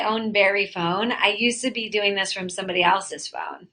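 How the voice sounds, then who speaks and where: A woman's voice: medium pitch, fairly even intonation, normal speed, few pauses, sharp tone. A woman hosting a live webcam chat room, reading out viewer comments in a chatty, flirty, easily flustered way. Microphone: phone or webcam mic.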